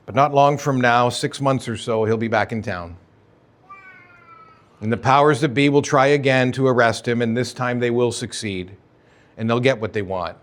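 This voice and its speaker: A man preaching a sermon as pastor of a church, conversational and emphatic, with sudden rises and drops in energy. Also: mid-range voice. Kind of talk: expository sermon. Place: church sanctuary.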